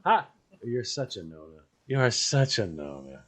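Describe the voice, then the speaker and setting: A man's voice: lowish voice, sing-song, normal speed, fairly bright tone. A man co-hosting a talk show in casual chat, playfully teasing his co-host.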